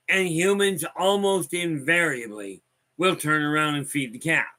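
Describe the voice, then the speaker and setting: This live-stream host's voice is on the high side, pushed and bright, at a moderate pace. He's a wry, folksy storyteller who rambles through casual stories and reads out and responds to viewer comments.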